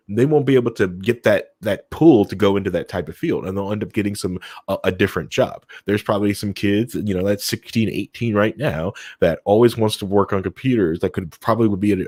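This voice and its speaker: A man's voice: on the low side, no echo, studio quality. A man in his thirties co-hosting a casual podcast, talking in a digressive way full of fillers. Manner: animated, filler-heavy, digressive. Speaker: podcast co-host.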